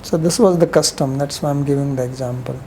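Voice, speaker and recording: A woman's voice: rumbling low, fast talker, dark tone, a little hiss or hum, poor audio. A woman giving a rambling, conversational scripture lecture, telling stories with frequent asides.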